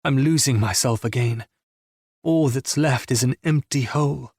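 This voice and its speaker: Male audiobook narrator, mid-pitched and husky, subdued and intimate, close dry read. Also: normal speed, darkish tone, dry recording. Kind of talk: first-person romance audiobook narration.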